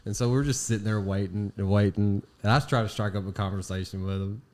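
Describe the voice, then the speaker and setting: A man hosting a podcast, casually telling a rambling, animated story with laughs along the way. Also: lowish voice, fast talker. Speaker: podcast host.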